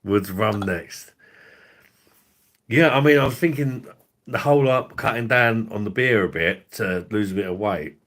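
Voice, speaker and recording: Low, forceful-voiced bloke. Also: male voice, a little slow. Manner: rambling, profane, laughing often. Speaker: drinks reviewer host. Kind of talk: casual livestream chat.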